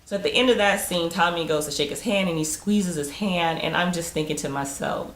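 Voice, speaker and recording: A woman's voice: on the low side, fairly quick, few pauses, a little hiss or hum. A woman giving a chatty, casual recap of a TV episode, laughing often and acting out the characters' lines. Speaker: TV episode reviewer. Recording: roomy echo.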